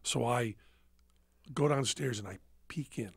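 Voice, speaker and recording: A man's voice: medium pitch, unhurried, husky, no room sound, clean studio sound. A man hosting a podcast, telling a self-mocking story and acting out the dialogue. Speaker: host. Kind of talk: casual storytelling chat.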